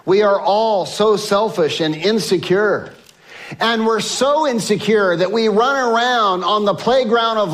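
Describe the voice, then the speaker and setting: Male pastor, slightly high voice, sermon storytelling with acted-out biblical voices. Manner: swings from loud emphasis to soft hushed lines.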